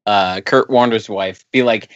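A man's voice: fairly low pitch, measured pace, a bit bright. A man co-hosting a podcast, tossing in wisecracking asides during a casual film chat. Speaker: podcast co-host. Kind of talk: casual movie review chat. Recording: slightly dull lo-fi sound.

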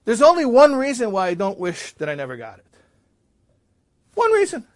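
A man, a rabbi, telling a story in a sermon, swinging from loud emphasis to hushed asides. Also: high voice, big pitch swings, fast.

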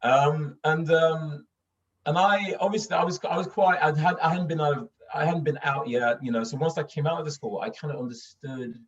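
A man's voice: fairly high pitch, moderate pace. A young adult man from northern England with a well-spoken English accent, telling stories in an interview with many fillers and restarts. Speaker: voice actor. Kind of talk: casual interview storytelling. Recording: dull distant mic.

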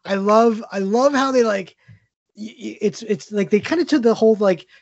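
A man co-hosting a casual movie podcast, easygoing and halting, with many fillers and chuckles. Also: high voice, gravelly, dry recording, dull audio. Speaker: podcast co-host.

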